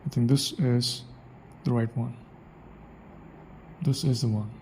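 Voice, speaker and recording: Speaking slowly in a medium-pitched, slightly mellow voice with fairly even intonation, this young man thinks out loud, trying out a manner of speech by repeating phrases. He's an accent practice vlogger in a casual monologue. The recording is rough, with slight background noise.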